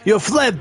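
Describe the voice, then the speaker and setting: A man's voice: high-pitched, pitched above the performer's own voice. A man voicing a pompous, eccentric male detective in a video game, speaking in a lofty, theatrical, old-fashioned manner. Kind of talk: video game voice-over dub.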